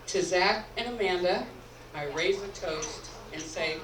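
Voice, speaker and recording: A woman's voice: lowish voice, a little slow, far from the mic. A middle-aged woman giving an earnest, sentimental toast as the groom's mother. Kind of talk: heartfelt wedding toast. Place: banquet hall at a rehearsal dinner. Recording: echoey hall recorded from afar, background noise.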